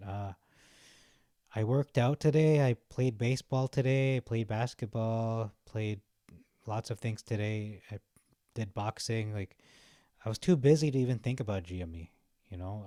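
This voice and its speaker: Casting note: young male vlogger, chatty and easygoing, low mellow voice, dry close sound. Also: no room sound. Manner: chatty, laughs at his own jokes, frequent fillers. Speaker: stock market vlogger. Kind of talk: casual rambling commentary while browsing.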